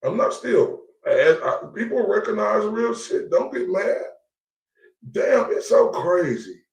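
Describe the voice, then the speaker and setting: A man's voice: high-pitched, sing-song, slow, gravelly, recorded from a distance. A man streaming live, ranting defiantly with profanity and repetition. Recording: echoey room, away from the mic.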